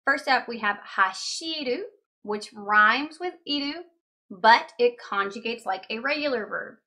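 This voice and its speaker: Bright-voiced woman teaching grammar. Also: a little high, lively intonation. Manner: chatty, explains with examples and repeats words slowly. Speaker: language teacher. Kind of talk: explaining grammar lesson.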